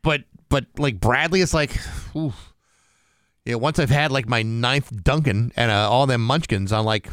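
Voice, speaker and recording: A man's voice: medium pitch, a little slow, a bit bright, dry recording. A man co-hosting a casual podcast, making dry jokes and chatting along. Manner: joking, dry quips. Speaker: podcast co-host. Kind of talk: casual chat.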